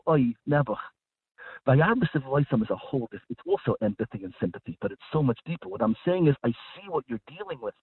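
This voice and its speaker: A man's voice: mid-range voice, breathy edge, no room sound. A man speaking as a guest rabbi in a radio discussion, talking emphatically with frequent repeated words and restarts. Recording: dry, phone-like line.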